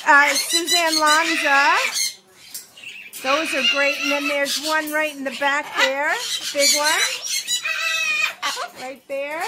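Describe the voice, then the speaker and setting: A woman's voice: high voice, very noisy. A middle-aged woman, a pet vlogger, chatting to her camera and talking baby talk to her pet birds in a dim room at night. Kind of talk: casual chat to camera and pets. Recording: loud bird squawks throughout. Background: loud squawking birds.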